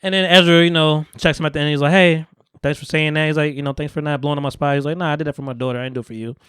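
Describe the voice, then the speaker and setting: Fast-talking man recapping a movie. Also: a little high, smooth, dry recording, clean studio sound. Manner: animated, acts out characters' lines in quick voices. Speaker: podcast co-host. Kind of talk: casual chat, recapping a movie. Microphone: studio podcast mic.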